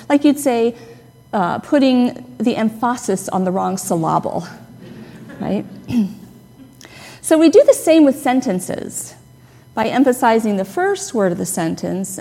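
A woman pastor giving a conversational, gently humorous sermon, stressing key words. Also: medium pitch. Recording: long reverb of a hall.

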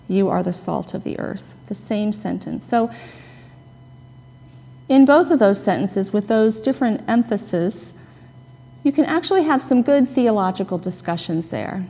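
A woman pastor giving a conversational, gently humorous sermon, stressing key words. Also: mid-range voice, vocal fry. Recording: long reverb of a hall.

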